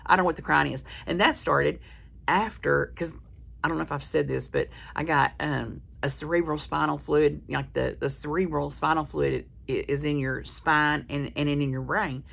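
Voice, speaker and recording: A woman's voice: low-pitched, fairly even intonation, moderate pace, vocal fry, fairly bright tone. A woman chatting casually to her viewers, telling a rambling, candid story full of restarts. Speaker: vlogger. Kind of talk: casual chat to camera.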